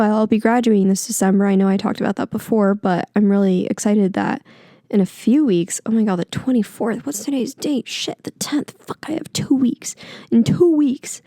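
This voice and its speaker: A woman's voice: mid-range voice, warm tone, no room sound. A young woman in her twenties hosting a casual solo podcast, chatty and rambling, sometimes getting heated and swearing, close on the mic. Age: 20s. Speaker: podcast host.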